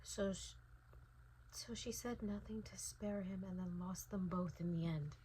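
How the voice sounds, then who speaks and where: A young woman in her twenties chatting casually in a reading vlog, emotional, often dropping into a hushed whisper. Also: fairly low pitch, unhurried, slight background noise. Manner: emotional, swings between hushed whispers and excited outbursts. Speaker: book vlogger.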